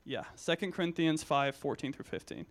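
A young man in his twenties gives a casual sermon with a slightly higher voice than most men. He talks conversationally, with frequent fillers and restarts, and mixes humor into personal stories. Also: fairly quick. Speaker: Christian speaker at a youth gathering.

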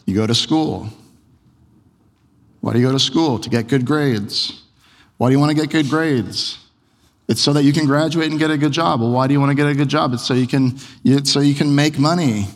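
A man's voice: medium pitch, a little fast. Preaching man in a reverberant hall. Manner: conversational, rhetorical questioning. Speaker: pastor. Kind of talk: sermon.

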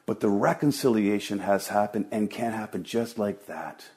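A man's voice: on the low side, normal speed, darkish tone. A middle-aged man preaching a sermon as pastor, earnest and emphatic, often repeating words for stress.

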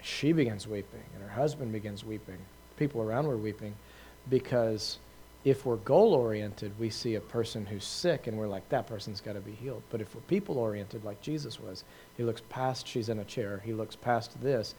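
A man's voice: on the low side, normal speed, dark tone, a little hiss or hum. A man giving an informal talk to a group, telling a story in a conversational way with many fillers, restarts and laughs at himself. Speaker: preacher answering questions.

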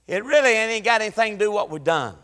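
High-voiced, fiery preacher in a hall. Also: male voice, expressive, fast. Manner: impassioned, rising to shouts, Southern preaching cadence. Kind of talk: fiery church sermon. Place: church sanctuary. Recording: long church hall reverb.

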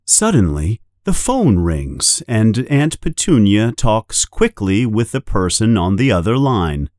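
A man reads a children's story aloud at an unhurried pace, his pitch rising and falling with the tale. His voice sits on the low side and is recorded close and dry. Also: no room sound. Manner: slow, lively storytelling. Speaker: narrator. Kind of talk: slow storybook read-aloud.

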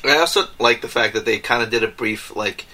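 A man's voice: mid-range voice, a little fast, sharp tone, poor audio. A man co-hosting a casual movie podcast, rambling with lots of fillers and frequent laughter. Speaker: podcast co-host. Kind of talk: casual chat.

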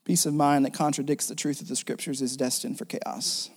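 A man preaching a sermon as pastor, animated and jokey, acting out the people in the story. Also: medium pitch, brisk, breathy edge. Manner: animated, jokey, acts out the characters. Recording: long reverb of a large hall.

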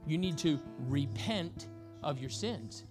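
A man's voice: fairly high pitch, lively intonation, slow, music in the background. A man preaching a sermon at a church service in a conversational, emphatic style, full of rhetorical questions. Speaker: guest preacher, bishop.

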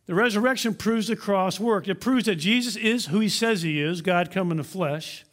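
A male pastor delivers a sermon in a fairly high voice. He is emphatic, drawing out important words and phrases slowly to drive them home. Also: a bit bright. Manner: emphatic, slows down to stress key words; uses props to illustrate.

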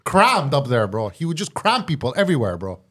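A young man reminiscing in a casual podcast chat. He sounds lively and says "bro" often. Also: mid-range voice, a little fast. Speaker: podcast co-host.

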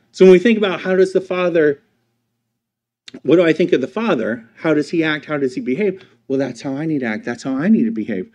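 A man pastor giving a sermon, asking the congregation rhetorical questions and swinging from loud emphatic lines to quiet, slow ones. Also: high voice.

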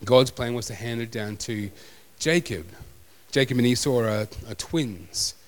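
A man's voice: mid-range voice, a little slow. A man preaching a sermon as pastor, conversational and self-deprecating. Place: church hall. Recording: long hall reverb.

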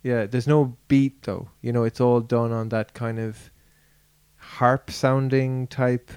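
A man's voice: level tone, takes it slowly, darkish tone, clear, resonant tone, no room sound. A man co-hosting a podcast in casual chat, rambling and laughing. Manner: rambling, laughing, breaks into falsetto singing. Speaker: podcast co-host.

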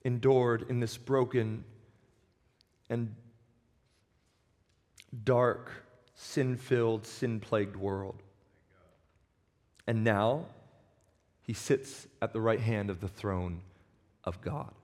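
A pastor preaching a sermon, earnest and emphatic, slowing down for weight and sometimes stumbling over restarts. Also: male voice, on the low side, fairly even intonation, darkish tone. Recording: long hall reverb.

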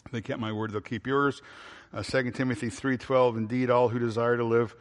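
A man's voice: medium pitch, flat delivery, fairly quick, long reverb tail. A man preaching a sermon in an ordinary mid-range voice. He puts questions to the congregation and answers them himself. He repeats key phrases for emphasis, with frequent fillers. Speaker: pastor.

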